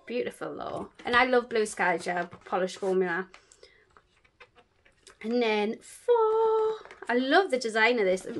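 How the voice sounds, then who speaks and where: A woman beauty vlogger chatting casually through a product unboxing, gushing, with many fillers. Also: on the high side.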